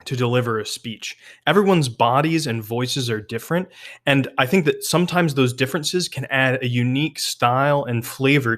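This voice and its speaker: A man teaching a class on speech delivery in a measured, thoughtful, explanatory way. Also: medium pitch, a bit bright. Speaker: rhetoric instructor.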